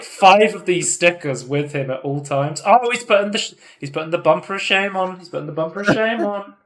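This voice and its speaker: A man hosting a casual podcast, chatting in an animated way and swearing often. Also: sits high, moderate pace, few pauses. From United Kingdom. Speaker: podcast host. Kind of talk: casual chat.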